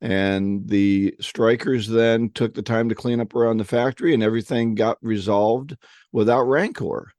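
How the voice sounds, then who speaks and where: Low-voiced man telling sales stories. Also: fairly even intonation, normal speed, darkish tone, no room sound. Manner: storytelling, acts out voices in anecdotes; frequent restarts and repeated words. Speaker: podcast co-host. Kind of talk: casual conversation on selling.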